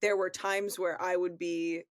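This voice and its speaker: A woman's voice: fairly low pitch, flat delivery, a little slow, no echo. A woman co-hosting a relationship advice podcast, speaking frankly and reflectively from her experience as a therapist. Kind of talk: casual advice conversation.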